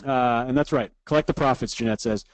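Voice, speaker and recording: This man, an online course instructor, hosts a live webinar where he goes through steps in an upbeat manner, ends nearly each point with "right?", and reads comments aloud from the chat. He speaks briskly at a medium pitch; the audio is poor but has no room sound.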